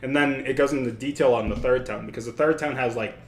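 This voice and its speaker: A man's voice: mid-range voice, quick pace. A man hosting a casual study livestream, thinking aloud and correcting himself as he talks. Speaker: livestream host. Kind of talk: casual study-stream talk. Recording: echoey room with faint noise.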